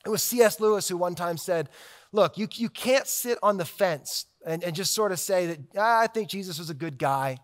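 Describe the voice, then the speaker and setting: A man delivering a sermon in a high voice. He talks with emphatic force and builds his points through repeated, stacked phrases. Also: moderate pace. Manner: emphatic, with repetitive rhetorical build-ups. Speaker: preacher.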